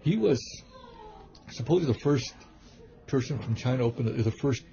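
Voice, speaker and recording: A man, a kung fu teacher and reverend, telling rambling, animated stories in a casual interview, with many restarts. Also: medium pitch, moderate pace. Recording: dull lo-fi recording.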